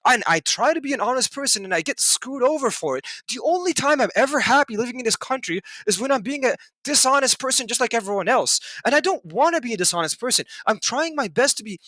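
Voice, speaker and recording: A man's voice: very high-pitched, lively intonation, fast, few pauses, sharp tone, no room sound. A young man from Canada delivers an angry, profane vlog rant straight to his viewers. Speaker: vlogger. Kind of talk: ranting vlog monologue.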